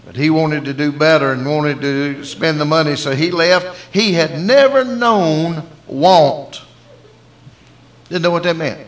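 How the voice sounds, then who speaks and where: A man's voice: a little high, measured pace. A man with a Southern US accent preaching a sermon in a folksy storytelling way. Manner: folksy storytelling, acting out dialogue.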